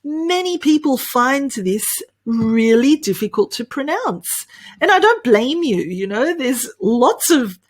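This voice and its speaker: An Australian woman teaching English pronunciation in an online lesson, cheerful, often laughing and drilling words slowly. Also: sits high, sing-song.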